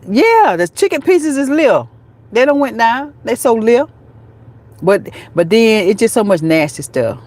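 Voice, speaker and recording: A woman's voice: on the low side, a little mellow. A woman hosting a casual live chat, reading out comments, laughing often and talking straight to her viewers. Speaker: livestream host.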